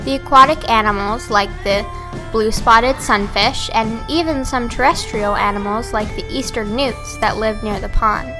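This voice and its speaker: A woman narrating a storybook in a steady reading voice. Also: a little high, normal speed, over music.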